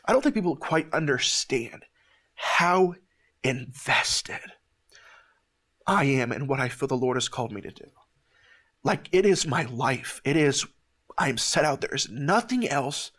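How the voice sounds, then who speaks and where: A man hosting a ministry show, giving an emotional testimony in an earnest, halting way with many restarts, near tears. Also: medium pitch, expressive, a bit bright, breathy edge.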